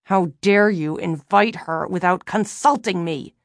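A woman doing a cold, controlling husband in an audiobook, growling low through clenched teeth. The recording is dry and close. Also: very animated, moderate pace, breathy edge, no echo, heavily acted. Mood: seething. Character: angry controlling rich husband.

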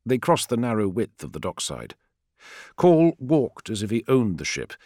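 Expressive male audiobook narrator. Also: lowish voice, moderate pace, no room sound, clean studio sound. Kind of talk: scripted narration.

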